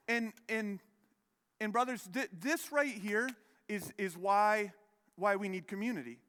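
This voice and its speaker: Guy pastor in his 30s, high voice, chatty sermon full of restarts, big echoey church hall. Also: animated, measured pace, a bit bright. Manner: conversational, self-deprecating storytelling with many restarts. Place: church sanctuary. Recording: long hall reverb.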